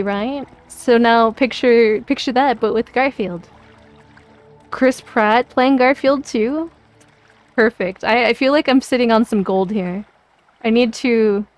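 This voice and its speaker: A woman streamer chatting casually while she plays a game, playful and rambling, often giggling. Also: on the high side.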